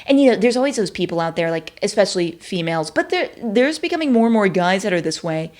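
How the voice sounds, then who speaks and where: A woman's voice: mid-range voice, sing-song, fast talker, a little mellow. A woman from Texas hosting a show, talking in a chatty, self-deprecating way full of fillers. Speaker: show host. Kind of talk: casual commentary.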